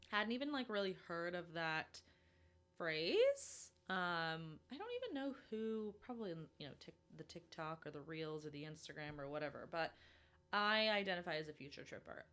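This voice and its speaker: A young woman from Minnesota hosting a solo podcast, chatty and self-deprecating, with lots of fillers. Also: medium pitch. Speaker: podcast host.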